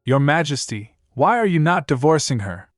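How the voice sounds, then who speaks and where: A man voicing a scheming, petulant young mistress in a high, whiny, dramatic voice, reading a comic recap story. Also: big pitch swings, moderate pace, dry recording, clean studio sound. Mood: tearful.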